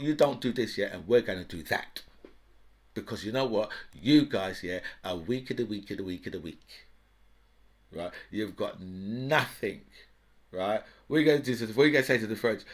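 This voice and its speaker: A man's voice: medium pitch, a bit bright. A middle-aged man giving an indignant, mocking political rant, tagging lines with "right?" and "yeah". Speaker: political commentator. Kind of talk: ranting political monologue.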